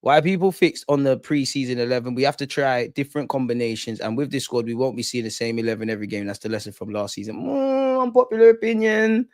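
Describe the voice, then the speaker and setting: A man's voice: mid-range voice, lively intonation, fast, few pauses, no room sound. A young man hosting a live football watch-along, reacting passionately with slang, banter and frequent swearing. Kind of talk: live match reaction commentary.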